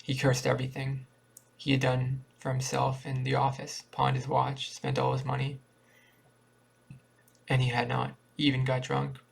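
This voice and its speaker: A man reading a short story aloud in a plain, steady way with small restarts. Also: mid-range voice, normal speed. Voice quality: creaky. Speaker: reader.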